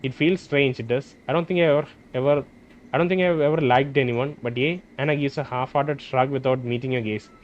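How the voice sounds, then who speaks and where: A man playing a role-playing game, reading its dialogue aloud and thinking out loud between lines. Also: medium pitch, steady tone, a little fast, dull audio. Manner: hesitant, restarts and fillers, reads dialogue in plain voice. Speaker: gameplay streamer.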